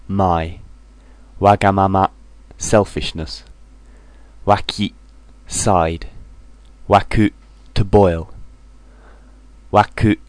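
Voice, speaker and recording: A man reading a vocabulary list aloud, saying each Japanese word and then its English meaning in a measured drill. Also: on the low side, no echo. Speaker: language teacher.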